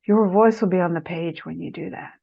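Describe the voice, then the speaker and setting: A woman's voice: on the low side, brisk, vocal fry, slightly rough. A middle-aged woman, an author, giving writing advice in an interview and acting out quotes with a lifted voice. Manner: animated storyteller, acts out quotes in a raised voice. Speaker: author and guest speaker. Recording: muffled lo-fi audio.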